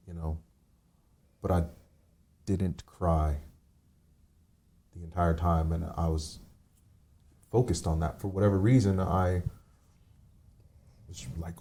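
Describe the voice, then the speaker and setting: A man's voice: deep voice, dark tone. A man in his forties telling a personal story as a podcast guest, candid and rambling, swearing casually. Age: 40s.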